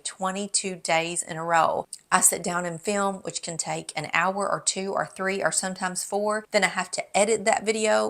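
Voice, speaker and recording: A middle-aged woman with a Southern drawl talks straight to her viewers, chatty and friendly, dropping the odd "y'all". It sounds like a casual home vlog recorded at her desk. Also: medium pitch. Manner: chatty and warm, says "y'all". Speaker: lifestyle YouTuber. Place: home office.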